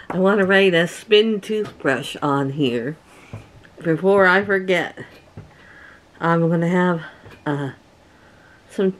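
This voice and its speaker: A woman's voice: medium pitch, slight background noise. A middle-aged woman from Canada chatting to her camera at home, rambling through stories with laughs. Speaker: vlogger. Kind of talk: casual chat to camera.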